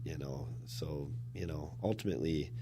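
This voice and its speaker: A very low-pitched man chats easily as a podcast guest, loose and full of fillers. A faint hum sits under his voice. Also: normal speed, dark tone. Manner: laid-back, lots of fillers like "you know". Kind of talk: casual interview chat.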